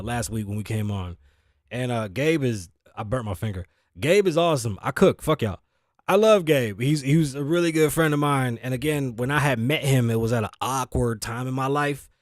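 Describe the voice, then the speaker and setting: Medium in pitch, this man's voice comes across dry and clean through a studio mic and audio interface. He's a Bronx, New York native hosting his own show, sounding tired and sleepy. His casual solo monologue rambles, swears and pokes fun at himself.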